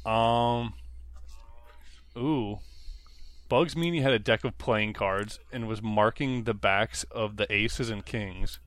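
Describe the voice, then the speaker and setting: A man's voice: on the low side, slow pace, pauses often, fairly bright tone, dry recording. Man reading a mystery aloud, joking asides. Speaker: podcast co-host. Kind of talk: casual comedic read-aloud.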